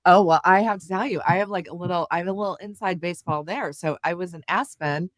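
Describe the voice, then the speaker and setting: A middle-aged woman telling stories as an interview guest, animated and full of fillers. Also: on the low side, fast talker, no echo. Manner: animated storyteller, many fillers and laughs. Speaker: guest, communications executive. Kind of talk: casual interview chat.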